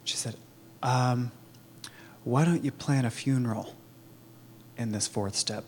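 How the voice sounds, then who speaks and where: A man telling his own recovery story in a candid, halting way, with many fillers and restarts. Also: mid-range voice, slight background noise. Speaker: recovery program member sharing his story. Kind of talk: personal testimony, conversational.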